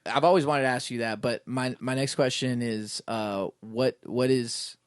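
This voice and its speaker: A man hosting a podcast, talking in an easygoing way and chiming in with quick affirmations. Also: medium pitch, fairly even intonation, smooth, dry recording, studio quality. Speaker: podcast host. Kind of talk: casual podcast chat.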